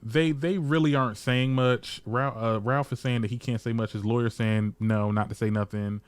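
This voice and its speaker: A man's voice: mid-range voice, moderate pace, clear, resonant tone, no room sound. A man recapping a reality TV episode in casual, shady commentary, swearing freely and voicing the cast in quotes. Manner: chatty, shady, swears freely, animated quoting. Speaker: reality TV reviewer.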